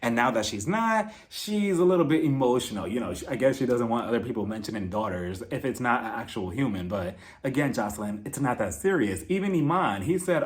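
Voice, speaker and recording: A man giving a casual, expressive recap of a reality TV episode, opinionated and full of "like" and "you know". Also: medium pitch, fairly quick, few pauses. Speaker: reality TV reviewer.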